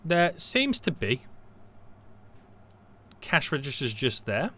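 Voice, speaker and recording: A man giving live gameplay commentary, panicky and excitable, often repeating short phrases. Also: fairly high pitch, slow, long pauses. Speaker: gaming YouTuber.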